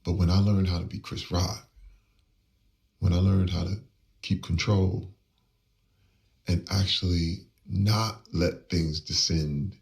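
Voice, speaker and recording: Deep, gravelly man telling a story. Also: steady tone, slow, pauses often, darkish tone, far from the mic. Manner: emphatic, acts out quoted lines, pitch swings up when stirred. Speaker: interview guest. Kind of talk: emotional personal storytelling.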